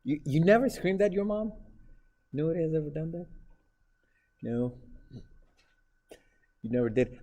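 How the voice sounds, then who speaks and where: A man's voice: fairly high pitch, lively intonation, unhurried, long pauses, warm tone. A man teaching math in a classroom, lecturing live and teasing his students with jokes.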